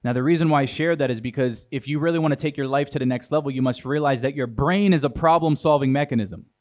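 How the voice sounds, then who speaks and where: Young guy motivational speaker on stage, dramatic punchy delivery, middle pitch. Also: fast talker, a little mellow. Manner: punchy, dramatic, engages audience directly. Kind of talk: keynote speech on stage. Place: large event hall on stage.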